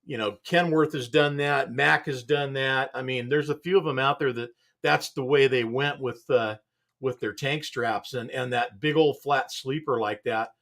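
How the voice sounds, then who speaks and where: A man hosts a relaxed studio chat at a middle pitch. He talks in a loose, rambling way and often chuckles between thoughts. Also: normal speed, vocal fry. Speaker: show host.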